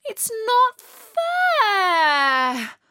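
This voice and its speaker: A young girl from a storybook who shrieks and wails, acted by a woman reading aloud. Her voice shoots way up high and leaps around. The sound is close and dry. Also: drawn-out words, no echo, full character voice. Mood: wailing. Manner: loud excited squeals turning to wailing. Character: sleepy young girl who hates getting up.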